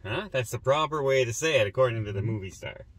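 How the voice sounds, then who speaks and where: A man's voice: medium pitch, lively intonation, fast talker, fairly bright tone, no echo. A man hosting a movie review show, chatting casually and with animation about a film he just saw.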